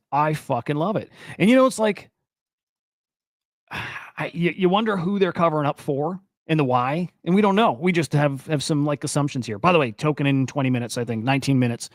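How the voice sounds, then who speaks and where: A man's voice: a little high, a little fast, no room sound, clean studio sound. A young man hosting a casual crypto news stream, talking in a loose, rambling and profane way and getting worked up as he goes. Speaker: crypto and NFT news host. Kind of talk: casual live-stream commentary.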